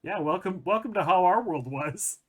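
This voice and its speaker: A man's voice: high voice, expressive. A man hosting a podcast Q&A, chatting casually and easily with short agreements. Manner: easygoing, quick short agreements, laughs along. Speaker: podcast host. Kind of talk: casual chat.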